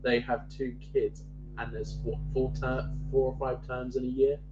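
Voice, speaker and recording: A man's voice: mid-range voice, level tone, moderate pace, echoey room, dull audio, over music. A man co-hosting a casual chat, reacting to the news in a chatty way. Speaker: co-host.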